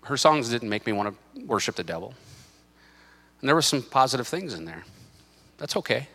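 Impassioned male preacher, bright forceful voice. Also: mid-range voice, very animated, a little fast, slightly rough. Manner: impassioned, emphatic preaching with repetition. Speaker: pastor. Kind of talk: sermon. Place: church sanctuary.

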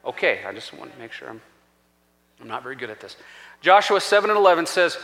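A man pastor preaching a sermon in a church, animated and acting out scripture voices. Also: medium pitch, quick pace. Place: church sanctuary. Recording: long church-hall reverb.

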